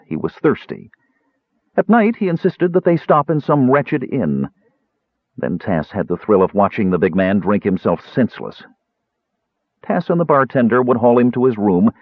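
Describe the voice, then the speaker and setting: A man narrating a fantasy story aloud in an expressive storytelling manner. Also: fairly low pitch, slightly rough, no room sound. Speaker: audiobook narrator. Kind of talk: scripted narration. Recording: tinny phone-like sound.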